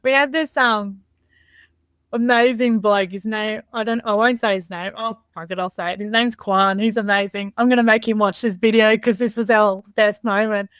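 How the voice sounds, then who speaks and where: An Australian woman telling lively, laugh-filled stories as an interview guest, swearing casually, over a video call. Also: mid-range voice, normal speed, clear, resonant tone, no echo, clean studio sound. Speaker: army reservist guest.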